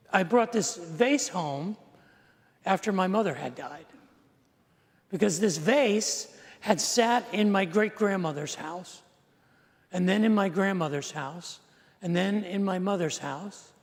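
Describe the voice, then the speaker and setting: Middle-aged man, pastor, casual storytelling sermon with dry humor and questions to the congregation; high-set voice, reverberant hall. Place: church sanctuary.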